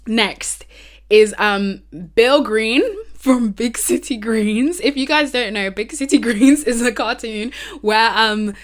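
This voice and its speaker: A young woman hosting a casual solo podcast, chatting in a rambling way with many ums and quick asides into an uncovered mic. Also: fairly high pitch. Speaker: podcast host.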